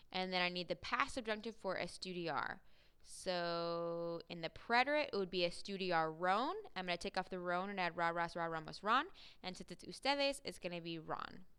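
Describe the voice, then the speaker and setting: Bright, crisp-voiced woman teaching grammar. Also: medium pitch. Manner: clear, methodical explaining with slow drilled Spanish words. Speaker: Spanish teacher. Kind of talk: recorded grammar lesson.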